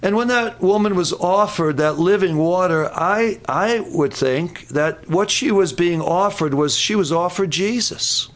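A man's voice: high-pitched, unhurried. A man preaching a sermon, telling a Bible story with repeated words and quotes.

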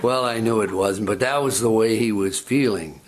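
A man's voice: on the low side, normal speed, a little hiss or hum. An older man preaching a sermon, talking in a conversational, storytelling way that often stops and repeats words. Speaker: pastor.

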